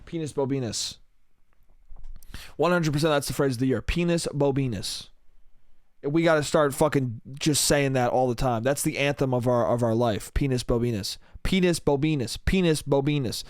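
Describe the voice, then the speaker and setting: A young man talks alone into a close mic, hosting his own podcast in a loose, rambling way. His voice sits a little high for a man and the sound is dry, with no room around it. He swears freely and laughs at his own jokes. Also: no echo. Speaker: podcast host. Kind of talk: solo podcast monologue.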